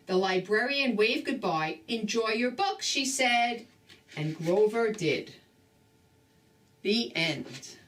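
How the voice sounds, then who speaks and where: Slow expressive grandma reading aloud. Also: female voice, medium pitch, far from the mic. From New Jersey. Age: older. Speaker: storybook reader. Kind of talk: reading a children's book aloud.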